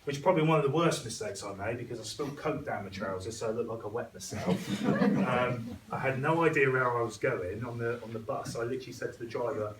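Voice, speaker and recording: A young man tells a chatty, self-deprecating story to a school audience and acts out other people's lines. His voice sits at an ordinary middle pitch. It sounds distant, and it echoes around a large hall with faint background noise. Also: fast talker, hardly any pauses. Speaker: guest speaker.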